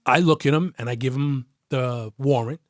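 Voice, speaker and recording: A man, a retired detective as a podcast guest, telling a story in a casual, profane, animated way. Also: mid-range voice, normal speed, dry recording, clean studio sound. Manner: profane, animated, acts out quoted voices.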